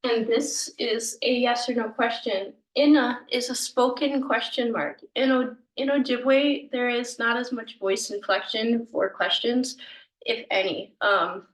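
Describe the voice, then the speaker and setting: A woman's voice: a little high, steady tone, unhurried, reverberant, far from the mic, poor audio. A woman whose first language is English, teaching a language lesson in a patient, informal way with many ums and self-corrections.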